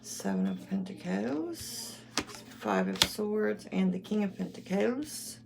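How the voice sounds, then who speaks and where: A woman's voice: mid-range voice, wildly swooping pitch, slow pace, creaky. A woman giving a casual tarot reading, musing and thinking aloud as she lays out cards. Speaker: tarot reader. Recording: loud background noise.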